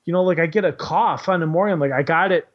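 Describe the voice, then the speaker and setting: A man's voice: on the high side, rapid-fire. A man who works as a kindergarten teacher, telling a story in casual, rambling chat, swearing freely and filling his talk with "like". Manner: rambling, profane, heavy on "like". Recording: dull lo-fi recording.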